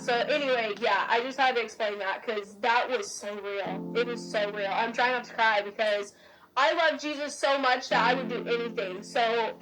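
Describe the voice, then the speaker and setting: Young woman, fairly high voice, earnest casual storyteller, heavy "like" habit, music behind. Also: low-quality recording. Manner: earnest, fills speech with "like".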